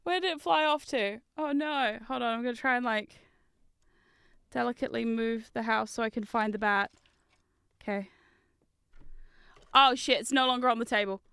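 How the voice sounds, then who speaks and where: A woman streaming from her desk in casual chat, giggly and chatty with loud squealing exclamations, on a close microphone. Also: on the high side, moderate pace, creaky, long pauses, smooth, no room sound. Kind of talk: casual chat while building.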